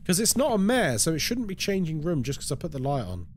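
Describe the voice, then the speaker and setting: Lively man streaming a horror game. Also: on the high side, fast talker, slight background noise. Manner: chatty, reacts aloud to the game and greets viewers. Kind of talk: live gameplay commentary and chat.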